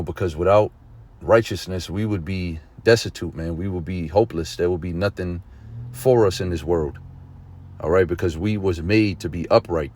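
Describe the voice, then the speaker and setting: A low-voiced man leads an informal religious lesson in a conversational preaching style. He often checks in with his listeners and at times grows excited and emphatic.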